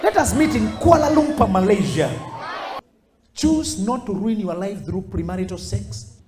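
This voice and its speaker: A middle-aged man giving a motivational speech to high school students and acting out the people he quotes. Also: moderate pace, crowd noise, noisy background. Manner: animated, acts out quoted voices. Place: school hall. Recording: echoey hall.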